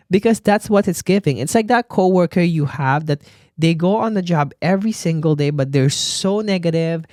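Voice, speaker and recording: A man's voice: a little high, expressive, moderate pace, a little mellow, no echo. Sassy guy podcasting in a studio, calls everyone bestie, dry close sound. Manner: sassy, chatty, calls listeners bestie and baby. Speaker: nurse and podcast host. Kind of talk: casual solo podcast chat. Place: recording studio.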